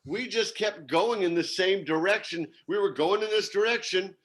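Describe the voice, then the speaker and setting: A man around sixty telling a lively, rambling, self-mocking story on a video call. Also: high voice, moderate pace. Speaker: reunion participant.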